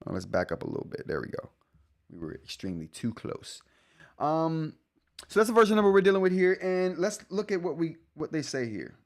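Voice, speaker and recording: A man's voice: a little high, big pitch swings, fairly quick. A man in his forties hosting a live tech stream, talking casually, rambling and correcting himself, often laughing. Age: 40s. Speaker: tech show host.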